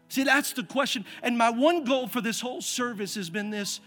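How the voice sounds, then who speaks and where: A man preaching a sermon as a pastor, telling a personal story and calling on the congregation to respond, moving between hushed, quiet passages and loud, emphatic ones. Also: extremely high pitch, normal speed, few pauses, faint music behind.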